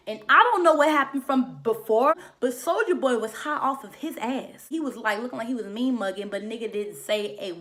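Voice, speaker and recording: A woman with a somewhat high voice tears through a reality show episode in a casual vlog review. She is profane, sassy and emphatic, and she often mocks people by mimicking their lines. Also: a little fast, few pauses, fairly bright tone. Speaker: reality TV recap vlogger.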